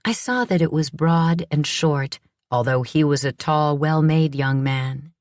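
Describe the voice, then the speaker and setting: A woman narrating an audiobook in the first person, with a measured, reflective delivery. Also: deep voice, a little mellow, dry recording, clean studio sound.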